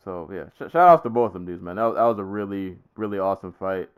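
Male podcast co-host, low smooth voice, relaxed and rambling sports talk. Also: fast talker. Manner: easygoing, rambling with many fillers and restarts. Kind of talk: casual sports chat.

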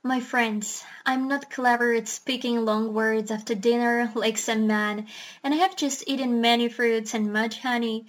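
A woman voicing a kind, absent-minded male doctor in a storybook reading, speaking slowly in a gentle murmur. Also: a little high, lightly acted.

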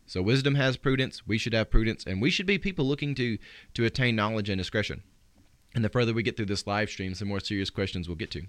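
A male pastor giving a live-streamed sermon, answering questions sent in by listeners and reading scripture slowly for emphasis. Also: lowish voice, a bit bright, dry recording. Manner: earnest, reflective, quotes scripture with slowed emphasis.

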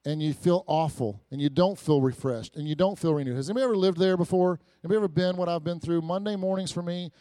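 A middle-aged man preaching a conversational church sermon, telling everyday stories with quick restarts and repeated words. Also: fairly high pitch, dry recording. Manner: lively, storytelling, frequent restarts and repeats. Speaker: pastor.

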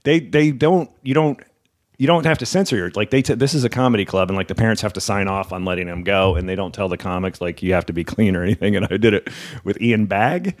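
A man's voice: on the low side, fast. A man, a comedian hosting a casual chat, who cracks jokes and asks follow-up questions. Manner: lively, jokey interviewer asking follow-ups. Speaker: comedian and podcast host.

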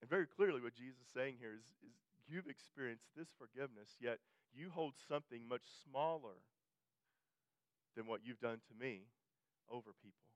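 A man preaches a sermon in a smooth, resonant voice with a middle pitch. He talks like he is chatting, stumbling over phrases, repeating them, and lifting his voice on key points. The recording is close and dry. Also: expressive, normal speed, no echo, lo-fi sound. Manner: conversational preaching, repeats and restarts phrases, rises for emphasis. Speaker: pastor.

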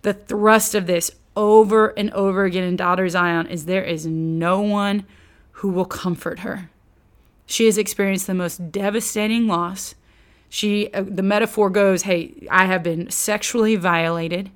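A woman teaching on scripture, animated and chatty, her voice sitting at a middle pitch for a woman. She slips into quoted voices and casual slang, then slows down to stress a point. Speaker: Bible teacher.

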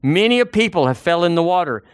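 Man, pastor, folksy sermon, rhetorical questions, somewhat high voice. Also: big pitch swings, quick pace, clear, resonant tone, no room sound, clean studio sound.

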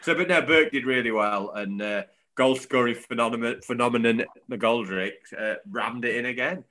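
A man's voice: mid-range voice, normal speed. A man, chatting casually and jokily as a football podcast co-host. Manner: animated, jokey, laughs often.

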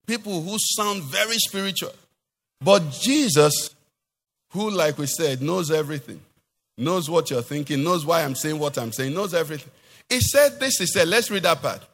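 A male pastor delivers an animated sermon and keeps throwing rhetorical questions at his listeners. His voice sits a little high for a man. The sound rings out with the long reverb of a church hall.

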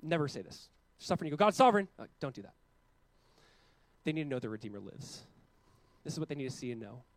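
A man in his thirties preaching a sermon as a pastor, earnest, with loud emphatic peaks and quiet, slowed passages. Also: medium pitch, lively intonation, low-quality recording.

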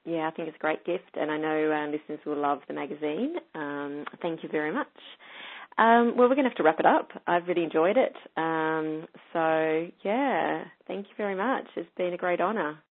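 A woman with a low voice hosts an interview in a relaxed, chatty way. She fills her sentences with ums. Her voice sounds tinny and narrow, like a phone call. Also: normal speed. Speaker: interview host. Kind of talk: casual interview chat.

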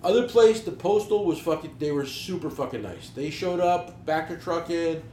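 A man's voice: on the high side, expressive, normal speed, mellow, roomy sound, slight background noise. A man, telling stories in casual chat with blunt, profane language. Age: 40s. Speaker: podcast co-host, business owner.

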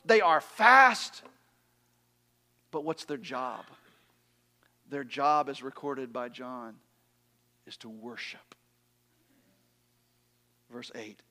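A man with a notably high voice preaches a sermon. He builds to loud, ringing emphasis, then lets phrases sink to a near-whisper, slowing down on repeated words. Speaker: pastor.

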